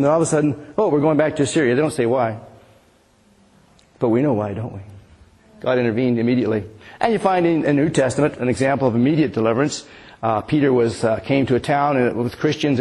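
A man's voice: medium pitch, a little mellow. 60s guy preaching at church, talks casual with the crowd, big echoey room. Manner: conversational, asks the congregation "right?". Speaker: pastor. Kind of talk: sermon. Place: church sanctuary.

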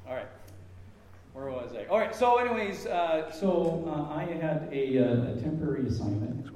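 A man's voice: on the high side, lively intonation, moderate pace, a little mellow. A middle-aged man giving an informal church talk, telling a personal story in a rambling way, full of fillers and restarts. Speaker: lay speaker at church. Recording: echoey hall, speaker far from mic.

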